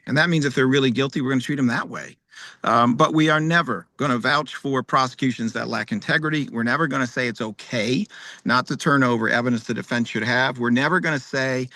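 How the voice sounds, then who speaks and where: A man's voice: medium pitch, bright, forceful tone, no room sound. A man speaking as a candidate at an online forum, confidently defending his record and asking rhetorical questions. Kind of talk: debate answer. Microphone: video call.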